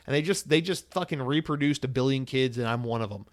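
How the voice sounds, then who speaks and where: A man's voice: mid-range voice, fast, hardly any pauses. Casual, candid man hosting a podcast. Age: 30s. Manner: rambling and candid, swears freely, acts out quoted people. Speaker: podcast host. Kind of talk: casual solo podcast monologue.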